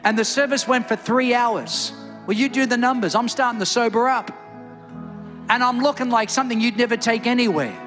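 A middle-aged man preaching in a church with a notably high voice, fervent and rising toward shouts. Soft music plays faintly underneath. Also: brisk, long reverb tail. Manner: impassioned, builds to near-shouts. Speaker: pastor. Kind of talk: sermon with altar call. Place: church service, also streamed online.

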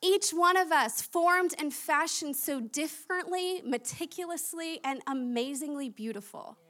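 A young woman with a lilt delivers a sermon in an animated, conversational way. Her voice sits high and sounds bright and forward. She laughs at herself as she tells her stories. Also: measured pace. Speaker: preacher.

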